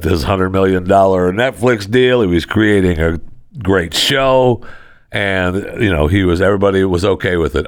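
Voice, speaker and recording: Sardonic man with a gravelly low voice. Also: no room sound, studio quality. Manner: sardonic, mocking asides. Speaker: host. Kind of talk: sarcastic news commentary.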